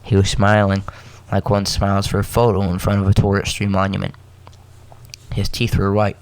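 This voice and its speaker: Low-voiced man reading a story casually. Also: monotone, smooth. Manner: halting, self-correcting, joking asides between coughs. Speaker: podcast host reading a story.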